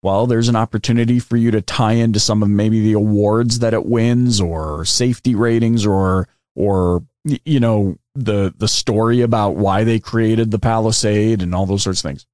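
A man's voice: lowish voice, steady tone, normal speed, few pauses, darkish tone, no room sound, studio quality. A man hosting a podcast, talking through a screen demo in a loose, chatty way with lots of fillers and asides. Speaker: podcast host. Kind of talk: casual explainer with screen demo.

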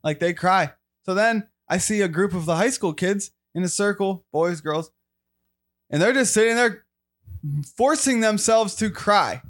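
Slightly high-voiced excitable man. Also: measured pace. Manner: excitable storyteller, swears. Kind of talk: casual chat.

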